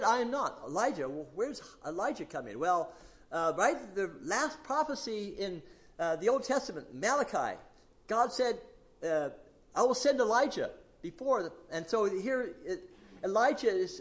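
Male preacher, high and animated voice, casual teaching tone with frequent fillers. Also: moderate pace. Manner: conversational, many fillers and restarts, quotes scripture with emphasis. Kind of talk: expository Bible teaching.

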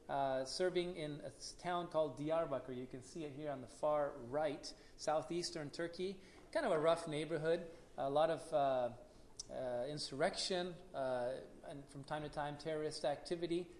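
A man in his forties, a missionary speaking to a church congregation, relaxed and unhurried with many "uh" pauses, and leading a short prayer. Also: a little high, a little hiss or hum. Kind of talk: casual church talk with a prayer.

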